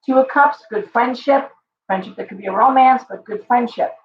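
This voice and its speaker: Woman tarot host, live stream, a little hoarse from losing her voice, chatty and reassuring, roomy dull audio. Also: fairly high pitch, moderate pace, slight background noise. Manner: chatty, reassuring, addresses viewers directly. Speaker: tarot reader hosting a live show.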